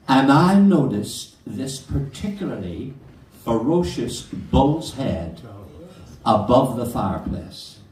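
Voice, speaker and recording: A man's voice: medium pitch, very animated, slow, far from the mic. Cheery older male comic, echoey hall. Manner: cheery storyteller, addresses the audience as ladies and gentlemen. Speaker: stand-up comedian. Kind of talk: live stand-up one-liners. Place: hotel function room with a live audience.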